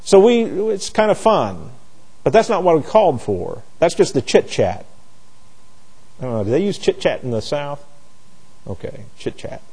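A man's voice: a little high, big pitch swings, moderate pace, long pauses, darkish tone, breathy edge, rough recording. A man teaching a conversational Bible study class, asking rhetorical questions, restarting phrases and slipping into folksy asides.

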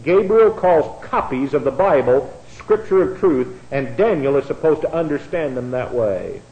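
A man's voice: a little high, animated, normal speed, muffled recording. A man teaching an evening Bible study, reading verses aloud and then explaining them, often repeating key words.

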